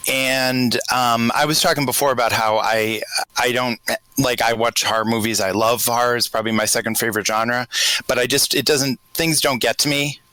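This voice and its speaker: A man with a light Boston accent chats casually on a podcast panel, working through his thoughts aloud. His voice is bright and forward at a middling pitch. The sound is dry and close, with no room echo. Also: normal speed. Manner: grows animated telling a scenario. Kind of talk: casual group chat.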